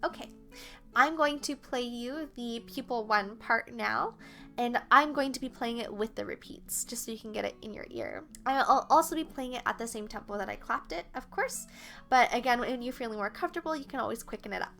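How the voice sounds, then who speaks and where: Young woman flute teacher, bright voice, patient and steady, faint music behind her. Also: fairly high pitch, fairly quick, creaky. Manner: patient, step-by-step instruction with counting aloud. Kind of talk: online music lesson.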